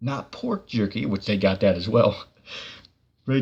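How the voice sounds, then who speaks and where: A man's voice: fairly low pitch, measured pace, darkish tone, slightly rough, dull audio. A man hosting a casual livestream, reading viewer comments and talking about scripture in a rambling way, full of fillers and restarts.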